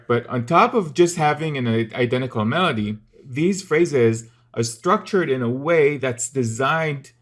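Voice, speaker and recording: A man teaching music theory in a casual, methodical video lesson, explaining step by step with the odd filler. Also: medium pitch.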